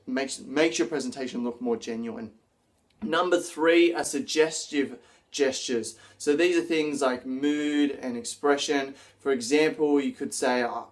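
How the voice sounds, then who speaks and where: A man with a mid-range voice presents an instructional video on public speaking. He's energetic and acts out example lines while he explains.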